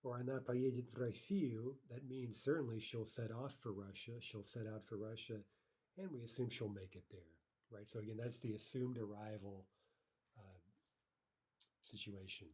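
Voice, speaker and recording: Mellow-voiced man teaching a language lesson. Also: fairly low pitch, steady tone, normal speed, breathy edge. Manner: explains patiently, filler-heavy, reads example sentences aloud. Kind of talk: recorded online lesson.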